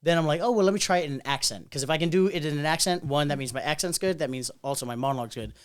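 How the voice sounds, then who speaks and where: A man's voice: on the high side, racing, smooth. A young man hosting a casual bar chat podcast, rambling and chatty with lots of fillers. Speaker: podcast host.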